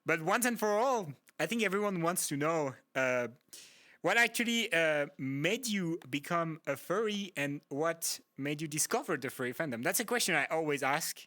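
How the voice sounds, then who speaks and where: A man's voice: on the high side, animated, moderate pace, pushed and bright. A man hosting a casual interview, enthusiastic and encouraging, often laughing along. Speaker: interviewer host.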